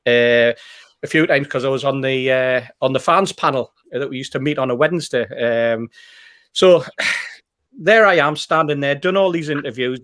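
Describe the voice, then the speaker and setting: A man's voice: medium pitch, fairly bright tone. A man, telling a rambling, anecdotal story in casual chat as a podcast host. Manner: rambling, anecdotal, with fillers and repeats.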